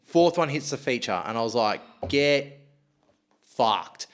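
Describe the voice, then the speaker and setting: A man's voice: medium pitch, expressive, a little fast. A young Australian man hosting a podcast, telling a story in casual chat, swearing freely and acting out what people said. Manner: swears freely, acts out quotes. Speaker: podcast host.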